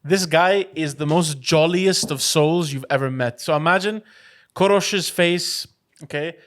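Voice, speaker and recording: A man's voice: on the high side, a little slow, fairly bright tone. A man co-hosting a podcast in casual chat, teasing his friend and rambling with plenty of restarts. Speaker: podcast co-host.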